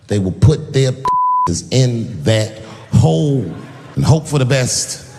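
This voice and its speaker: This middle-aged comedian speaks slowly in a medium-pitched voice, animatedly telling stories and voicing characters during a stand-up set. The recording, made live in a large venue with an audience, is very noisy and has long reverb.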